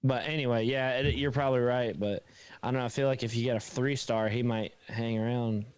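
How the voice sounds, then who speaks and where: A man's voice: mid-range voice, fairly even intonation, brisk, clean tone. A man hosting a live stream, chatting in a rambling, talkative way and laughing often, though he is tired. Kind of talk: casual chat.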